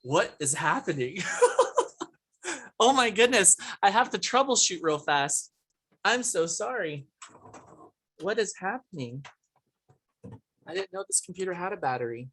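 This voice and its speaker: A woman's voice: on the low side, very animated, a little slow, long pauses, a bit bright, breathy edge. A woman hosting a live product presentation on a video call, chatty and laughing often, greeting viewers from the chat by name. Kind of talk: upbeat live presentation with chat shout-outs. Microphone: computer mic on a video call.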